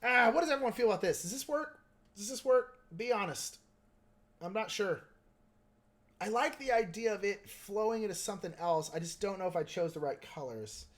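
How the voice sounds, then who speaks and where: A man's voice: high-pitched, lively intonation, brisk, a bit bright. A man hosting a live stream, chatting casually and meandering while he explains his painting technique and answers viewers.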